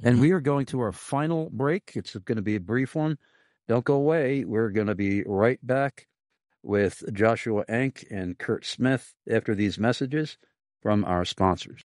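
A man's voice: medium pitch, a little slow, a little mellow, dry recording, clean studio sound. A man hosting an interview, asking questions and announcing a break. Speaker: host. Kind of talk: radio-style interview hosting.

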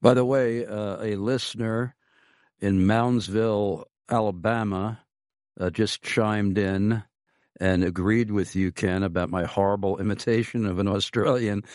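A man's voice: lowish voice, steady tone, measured pace, a little mellow, no echo, clean studio sound. A man with an American accent hosting a radio interview in a jovial, chuckling way. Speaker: radio show host.

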